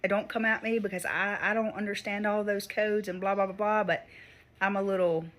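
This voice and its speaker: A woman's voice: mid-range voice, steady tone, fairly quick, a bit bright. A woman casually telling an anxious story. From Mississippi. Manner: anxious, acts out the other voices in quotes. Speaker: storyteller on social video.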